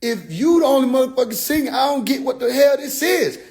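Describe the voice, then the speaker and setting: A man with a notably high voice tells a story as a comedic rant. He is animated and profane, and his delivery is loose and full of slang. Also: a little fast, gravelly. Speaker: vlogger.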